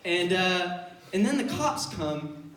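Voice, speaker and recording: A young man does stand-up at a college comedy venue, telling a story and acting out other people's voices. He speaks slowly in a high-pitched, sing-song, slightly bright voice. The live recording is roomy, distant and noisy, with audience laughter.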